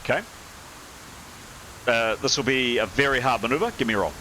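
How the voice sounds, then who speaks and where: A man narrating as game master of a tabletop role-playing game, now and then shouting lines for panicked sailors. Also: medium pitch, brisk, rough recording. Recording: faint background noise.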